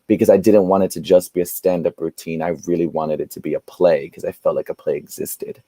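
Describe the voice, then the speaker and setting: This is a man with a low, warm voice, telling stories as a guest playwright. He is animated and often breaks into laughter. The sound is dry and close. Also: fairly quick, few pauses, no echo. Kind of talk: storytelling in an interview.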